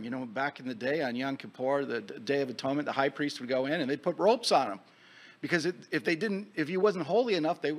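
A male show host talks in a plain, earnest manner. His delivery is conversational and easygoing. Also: mid-range voice. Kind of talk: conversational interview talk.

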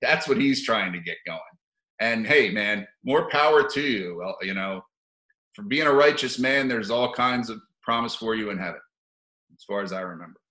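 A man's voice: mid-range voice, fairly bright tone, roomy sound, poor audio. A man giving rambling, profane opinion commentary for his video channel, sardonic and given to chuckling asides.

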